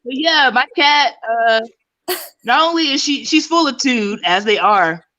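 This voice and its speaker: A woman's voice: high-pitched, lively intonation, a little slow, bright, forceful tone, highs cut off. A woman stand-up comedian, rambling and giggling through her set. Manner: rambling, giggly, jokes with voices.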